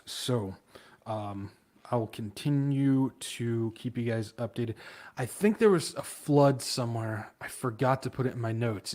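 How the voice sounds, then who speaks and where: A man's voice: on the low side, a little mellow. A man hosting a livestream in a casual, rambling way, stumbling over hard words, laughing at himself and trailing off into mumbles. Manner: loose and off the cuff, trails off into mumbles. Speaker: livestream host.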